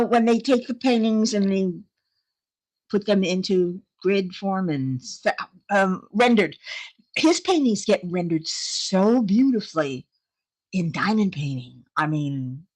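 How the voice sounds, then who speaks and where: Woman, livestream host, unhurried and chatty, bouncy lively pitch, frequent laughs. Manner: chatty, laughing often, reading out viewer comments. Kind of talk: casual livestream chat with viewers.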